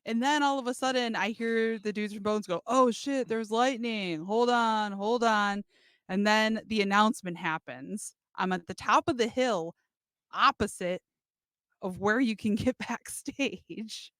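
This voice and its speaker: A woman's voice: medium pitch, measured pace, fairly bright tone, no echo, clean studio sound. A woman co-hosting a podcast, telling a story in casual chat and laughing as she goes. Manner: chatty, laughs while telling stories. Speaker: podcast co-host.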